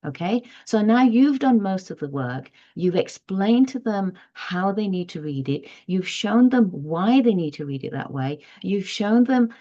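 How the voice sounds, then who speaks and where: A woman teacher giving parents step-by-step advice on reading, in a measured, explanatory way. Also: mid-range voice, expressive, mellow. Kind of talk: instructional talk to parents. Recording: dull lo-fi audio.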